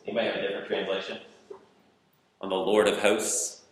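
A man preaching a sermon, questioning the congregation and swinging from loud outbursts to hushed delivery. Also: fairly low pitch, completely flat delivery, fairly quick, pauses often, noisy background. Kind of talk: interactive sermon. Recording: roomy reverberant hall.

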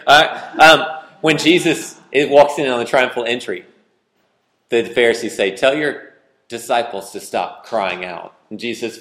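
A male preacher delivering an interactive sermon with a middle-pitched voice, peppering the congregation with questions. He swings between loud, lively outbursts and hushed, slow passages. The sound is roomy, with the reverb of a large sanctuary.

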